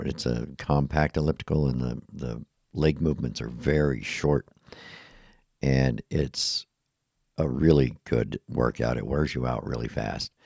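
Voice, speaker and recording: Very deep gravelly tired man. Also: darkish tone, dry recording, clean studio sound. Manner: rambling, self-deprecating, laughs often. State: tired, yawning. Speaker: podcast host. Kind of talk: casual monologue.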